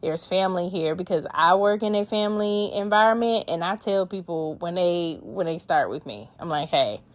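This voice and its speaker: A woman's voice: fairly low pitch, normal speed, no echo. A woman hosting a podcast, reading listener emails and giving blunt, profane, emphatic advice. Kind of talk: casual advice chat.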